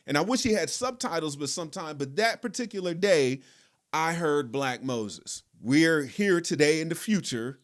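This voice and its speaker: Relaxed man telling a story. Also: fairly high pitch, moderate pace. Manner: relaxed, conversational, lots of fillers. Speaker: podcast host. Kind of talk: casual storytelling.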